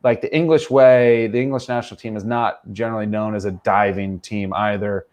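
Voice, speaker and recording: A man's voice: on the low side, fairly even intonation, fairly quick, a little mellow. A man with an American accent hosting a casual football fan show, blunt and swearing freely as he rants. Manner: blunt, swears freely, talks back to chat.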